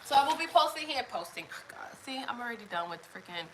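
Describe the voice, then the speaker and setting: Woman streamer, higher voice, rambling casual chat, noisy home audio. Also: very animated, fast talker. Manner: chatty, rambling, lots of fillers. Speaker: vlogger doing a livestream. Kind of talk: casual live chat with viewers. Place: living room at home.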